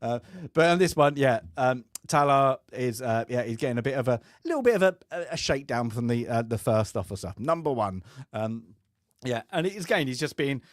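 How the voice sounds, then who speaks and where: A man in a relaxed film-podcast chat, rambling through an anecdote and breaking into laughter, slipping into the voices of the people in his story. His voice sits at an ordinary middle pitch and is recorded dry and close, with no room sound. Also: fairly quick, no echo. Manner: chatty storyteller who laughs often and acts out quoted voices. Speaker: co-host of a film review podcast. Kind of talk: casual chat, telling an anecdote.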